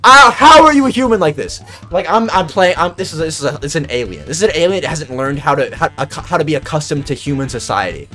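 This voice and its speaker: A young man streaming, telling a story in an animated, exasperated way and swearing freely. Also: fairly high pitch, quick pace, few pauses, faint music behind. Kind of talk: casual storytelling.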